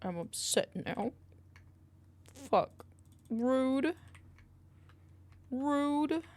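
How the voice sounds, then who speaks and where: An American woman streams while she works, chatting playfully with viewers in a high, animated voice at an extremely slow pace. She reacts to chat with loud outbursts and laughter, with keyboard typing and clicking in the background.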